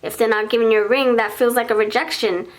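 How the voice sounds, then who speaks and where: A woman's voice: a little high, steady tone, fast. A woman reading tarot cards for viewers. She thinks aloud as she pulls the cards and often stops and restarts her sentences. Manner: acts out imagined dialogue between partners. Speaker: tarot reader. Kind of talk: pick-a-card tarot reading.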